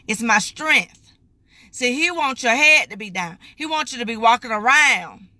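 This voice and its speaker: A woman's voice: a little high, expressive, moderate pace, sharp tone, dry recording. A middle-aged woman preaches an emphatic, folksy live-streamed morning devotional, calling her viewers "baby.". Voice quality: raspy.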